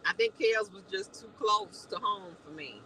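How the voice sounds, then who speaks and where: Woman, live-stream host, chatty, talks back to viewer comments, very animated pitch. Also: normal speed, a little hiss or hum, rough recording. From Chicago.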